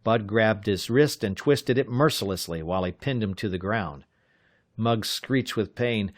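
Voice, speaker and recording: Low-voiced male audiobook narrator. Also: unhurried, dry recording, clean studio sound. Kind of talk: scripted narration.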